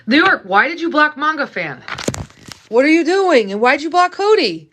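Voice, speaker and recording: A woman's voice: high-pitched, very animated, normal speed, a bit bright. A woman live-streaming from her kitchen, chatting casually with viewers and playfully scolding them as she cooks. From Canada. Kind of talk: casual live-stream chat while cooking.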